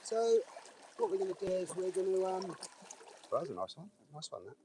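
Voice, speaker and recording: A man's voice: high-pitched, big pitch swings, brisk, warm tone, recorded from a distance, poor audio. A man rambling jokily through a meandering outdoor monologue, often restarting his sentences, recorded beside a river. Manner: joking, meandering, with frequent restarts. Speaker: vlogger. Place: outdoors by a river, feet in the water. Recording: outdoor recording with running water noise. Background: running water.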